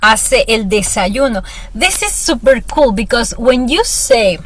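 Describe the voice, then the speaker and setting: A woman's voice: a little high, lively intonation, measured pace, fairly bright tone, no echo. Woman teaching a student one on one, patient and upbeat, walks through grammar. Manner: patient, encouraging, explains step by step. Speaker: Spanish teacher. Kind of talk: one-on-one language lesson.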